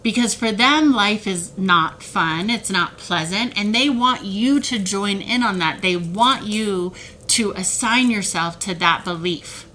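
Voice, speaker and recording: A woman speaks straight to camera in a heated, animated way, her voice bright and forceful. She often slips into mocking imitations of other people. A faint hiss sits under her voice. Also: medium pitch, unhurried, poor audio. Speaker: self-help video creator. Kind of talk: emotional direct-to-camera talk.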